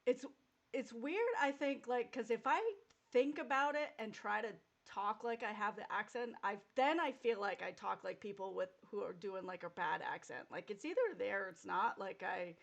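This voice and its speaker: A woman's voice: medium pitch, normal speed, creaky, fairly bright tone. A middle-aged woman from Massachusetts hosting a casual chat, chatty and blunt, laughing often. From Massachusetts, Fall River area. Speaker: podcast host.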